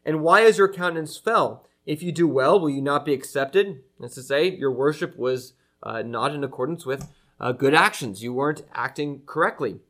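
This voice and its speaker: A pastor preaching an earnest, emphatic sermon to his church, slowing down to stress key phrases. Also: medium pitch, fairly bright tone. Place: church with an online audience.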